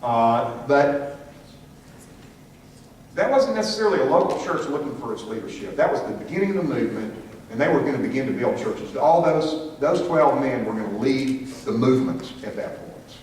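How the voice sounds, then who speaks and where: Captured by a distant room mic in an echoey space with faint hiss, a Sunday school teacher quizzes his class and calls on people by name. His mid-range voice is a little mellow, with lively intonation at a normal speed.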